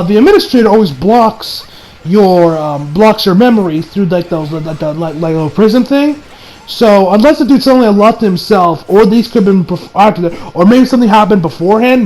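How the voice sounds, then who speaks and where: Animated high-voiced man reviewing anime. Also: rough recording. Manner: animated, laughing and swearing, loud exasperated outbursts. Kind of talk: casual episode recap and review.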